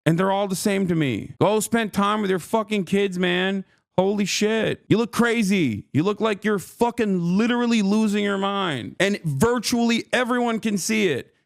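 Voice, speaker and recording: A man's voice: high-pitched, normal speed, vocal fry, no room sound, clean studio sound. A male streamer in a heated reaction rant, angry, swearing, and mocking.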